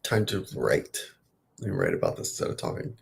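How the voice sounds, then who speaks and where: A man's voice: extremely low pitch, huge pitch swings, fairly quick, vocal fry. A man in his late thirties talking casually to the camera in a rambling, self-encouraging vlog. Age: late 30s. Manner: chatty, self-encouraging, wandering. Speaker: vlogger.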